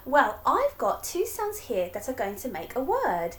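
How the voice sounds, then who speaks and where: A woman's voice: high-pitched, huge pitch swings, unhurried, a bit bright. A young woman hosting a children's phonics lesson, cheerful and encouraging, laughing often. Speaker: phonics teacher and host.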